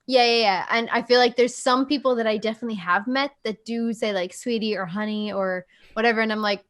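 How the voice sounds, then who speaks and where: A woman's voice: a little high, fairly even intonation, fast talker, fairly bright tone. Frank, outspoken woman from South Africa. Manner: frank, emphatic, swears casually. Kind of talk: casual chat.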